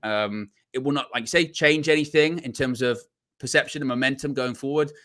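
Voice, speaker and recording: A man's voice: medium pitch, fairly quick, sharp tone. A man hosting a casual football chat, teasing his co-host, laughing often and mimicking friends. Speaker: fan channel host.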